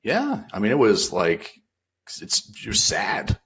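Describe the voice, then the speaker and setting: A middle-aged man hosting an interview, speaking in a halting, reflective, soft-spoken way. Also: on the low side, huge pitch swings, muffled recording, a little hiss or hum. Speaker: host. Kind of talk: casual interview talk.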